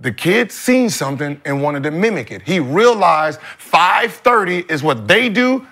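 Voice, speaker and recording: A man co-hosting a sports podcast, arguing loudly over others and swearing freely. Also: a little high, sing-song, measured pace. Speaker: podcast co-host. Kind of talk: heated sports debate.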